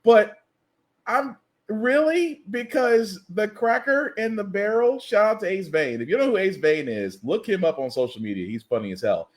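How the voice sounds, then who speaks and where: A man hosts a satirical podcast with a high-pitched voice that leaps up and down in disbelief. He rants with comic asides and sounds incredulous as he talks. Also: lively intonation, moderate pace. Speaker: podcast host. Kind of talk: satirical news commentary monologue. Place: lives in the US South.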